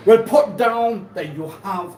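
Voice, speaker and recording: A man hosting a live stream, rambling and halting, who repeats himself and laughs often. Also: high-pitched, darkish tone, far from the mic. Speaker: livestream host. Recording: echoey room, off-mic, noisy ambience.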